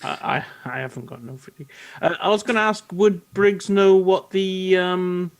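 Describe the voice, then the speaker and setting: A man playing a tabletop game over voice chat, speaking in a halting, hesitant way. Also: sits high. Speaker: player.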